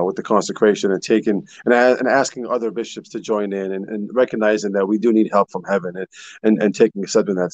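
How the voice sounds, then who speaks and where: A man giving his views on a casual talk show, halting, with many fillers. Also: lowish voice, a little mellow, dry recording. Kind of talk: casual chat. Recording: dull lo-fi audio.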